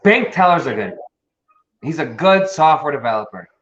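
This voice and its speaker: Excitable, swearing man on a stream. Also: a little high, normal speed. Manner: animated, profane and emphatic. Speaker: crypto stream host. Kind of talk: casual live-stream chat. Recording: dull lo-fi stream audio.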